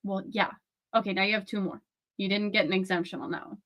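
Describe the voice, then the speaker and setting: Bright-voiced playful young woman. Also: mid-range voice, level tone, fast talker. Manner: giggly, playful. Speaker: co-host. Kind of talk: casual chat.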